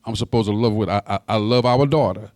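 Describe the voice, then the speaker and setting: A man in his sixties preaching a sermon as pastor, folksy and direct with the congregation, his voice climbing high on emphasis and stumbling over repeated words. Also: fast talker, darkish tone, no echo, studio quality. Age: 60s. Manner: folksy, talks straight to the congregation.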